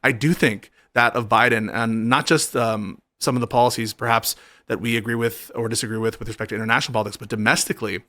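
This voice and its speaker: A man hosting a casual political chat, earnest and halting, often restarting his sentences. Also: medium pitch, steady tone, bright, forceful tone, dry recording. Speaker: show host.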